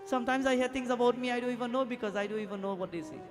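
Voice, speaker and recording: A man preaches in a high, lively voice, telling stories and voicing their characters. The live temple recording carries clear music behind him. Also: rapid-fire. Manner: animated preacher, acts out quoted voices, asks the crowd questions. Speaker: pundit. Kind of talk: sermon with storytelling. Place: temple hall.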